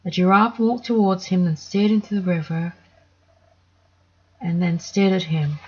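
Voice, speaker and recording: A woman reading a children's story aloud in a gentle, measured way. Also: lowish voice, fairly even intonation, lo-fi sound, slight background noise.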